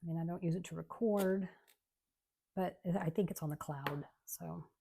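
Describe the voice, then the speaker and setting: A woman, chatting casually and rambling softly as she works on a craft at home. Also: lowish voice, normal speed, vocal fry, a little hiss or hum. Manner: chatty, rambling, soft-spoken. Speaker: craft channel host. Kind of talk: casual chat while crafting.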